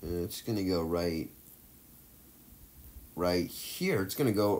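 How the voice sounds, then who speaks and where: A man's voice: low-pitched, lively intonation, takes it slowly, darkish tone. Rambling man ranking movies. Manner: rambling, hesitant, often corrects himself mid-sentence. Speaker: movie tier list vlogger. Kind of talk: casual ranking commentary.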